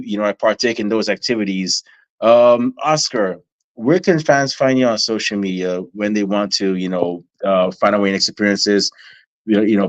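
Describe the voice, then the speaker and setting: A man hosting a chat show, closing it in a measured, folksy, relaxed way. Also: on the low side. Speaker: podcast host. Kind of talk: show sign-off. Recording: dull lo-fi audio.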